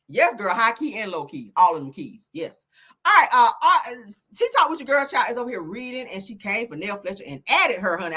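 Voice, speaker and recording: A woman's voice: mid-range voice, sharp tone, breathy edge. A woman hosting casual gossip commentary in a sassy, laughing way, calling the viewer honey and girl.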